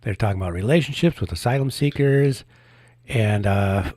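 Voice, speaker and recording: A man with a low, husky voice talks through a casual political commentary show. He sounds skeptical and halting and often restarts his sentences. The sound is close and dry, with no room around it. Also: a little mellow, no echo. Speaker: co-host.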